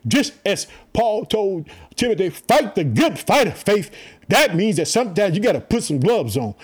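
A man's voice: high-pitched, darkish tone, husky. A man preaching an informal online sermon, fervent and repetitive, calling his listeners family. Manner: fervent, repetitive calls of "guess what".

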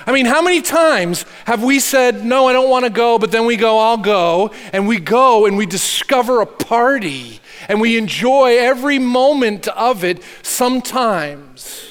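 A man preaching a sermon as pastor, earnest, swinging from hushed to emphatic. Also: very high voice, animated, unhurried, hardly any pauses, long reverb tail.

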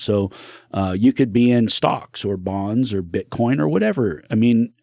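Male podcast guest, real estate broker; low voice, earnest rambling delivery, dry close mic. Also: expressive, a little slow, creaky, warm tone, dry recording. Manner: earnest, rambling with restarts, acts out quoted voices. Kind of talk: casual interview talk.

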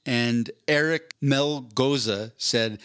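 A man's voice: medium pitch, takes it slowly, clean tone. Joking man reading tweets aloud. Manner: joking, crude, animated when quoting. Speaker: podcast co-host. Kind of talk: casual chat, reading out tweets.

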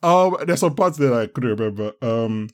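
A man chatting as a guest on a podcast, excitable and exasperated, laughing often. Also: mid-range voice, normal speed. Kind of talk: casual podcast chat.

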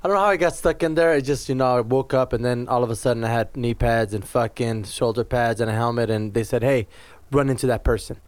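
Smooth-voiced man teasing his co-hosts. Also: mid-range voice, steady tone, fast, hardly any pauses. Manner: teasing, laid-back, swears casually. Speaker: podcast host. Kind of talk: casual chat over drinks. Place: indoors at a table with co-hosts.

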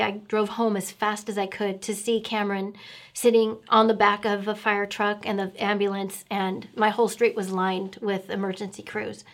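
Earnest middle-aged woman, flat delivery. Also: mid-range voice. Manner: emotional, earnest, with many fillers. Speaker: guest sharing testimony. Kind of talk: personal faith testimony.

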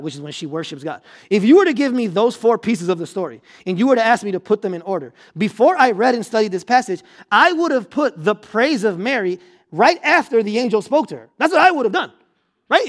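A man preaching a sermon as pastor, talking conversationally with the congregation, checking in with them and repeating words as he builds a point. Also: high voice.

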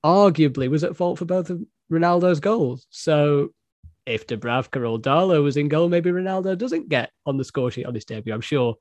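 A man's voice: on the high side, moderate pace, darkish tone, dry recording. A man hosting a football podcast in a casual, joking, self-deprecating way. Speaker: podcast host and editor-in-chief.

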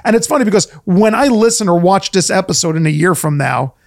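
A man's voice: high-pitched, lively intonation, a little fast, vocal fry. A man co-hosting a casual podcast, rambling playfully with jokes and many restarts. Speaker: podcast co-host. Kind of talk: casual chat.

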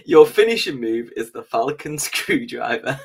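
A man chatting casually on a podcast, loose and jokey, quick to laugh. His voice sits at an ordinary pitch and comes through a remote call. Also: expressive, slightly rough. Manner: laughs often, loose and joking. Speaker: podcast host. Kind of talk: casual chat.

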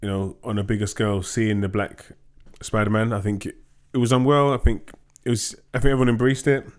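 A man in casual conversation about films, playful and quick to joke. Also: lowish voice, steady tone. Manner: joking, playful banter. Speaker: podcast co-host. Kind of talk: casual film review chat.

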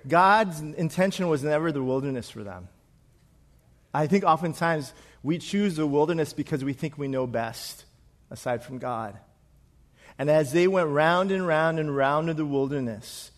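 A man preaching a sermon in a conversational way, asking the congregation questions and dropping to soft, quiet lines for emphasis. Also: on the high side. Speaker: pastor.

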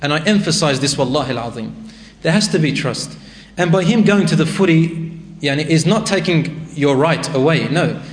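A man's voice: fairly high pitch, expressive, normal speed. A man giving a sermon and answering a question in a conversational way that rises to emphatic exhortation. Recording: echoey hall with faint ambience.

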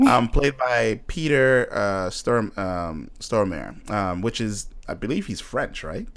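Low-voiced man, chatty and laughing. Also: animated, slow pace, fairly bright tone. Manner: laughs often, many fillers and restarts. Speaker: podcast co-host. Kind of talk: casual chat about a TV show.

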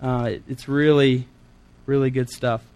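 A man's voice: mid-range voice, flat delivery, measured pace, darkish tone, clean tone. A man preaching a sermon, reading scripture aloud and breaking in with earnest asides.

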